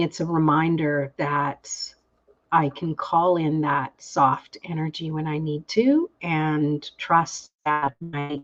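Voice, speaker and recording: A woman hosting a live online tarot reading, chatting warmly with viewers and reading their cards aloud. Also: sits low, lo-fi sound. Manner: enthusiastic, reads cards aloud slowly. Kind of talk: casual live chat. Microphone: online call audio.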